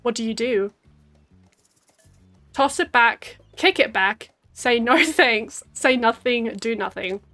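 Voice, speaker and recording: Young Australian woman streamer, high and playful, reading game text with wry jokes, faint music behind. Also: expressive, slow pace, sharp tone. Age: 20s. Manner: giggly, wry asides while reading aloud.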